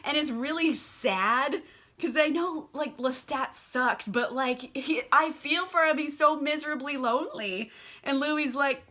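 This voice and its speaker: Bright-voiced, chatty young woman vlogger. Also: high-pitched, measured pace. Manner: chatty, swears, lots of "like" fillers. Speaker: book vlogger. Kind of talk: casual book recap.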